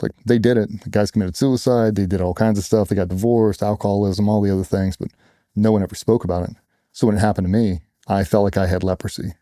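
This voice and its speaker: Blunt, dark-voiced man telling his story. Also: lowish voice, fairly even intonation, quick pace, dry recording, clean studio sound. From United States. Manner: earnest, blunt, quotes others in raised voices. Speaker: interview guest, former special operations operator. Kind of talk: candid conversational storytelling.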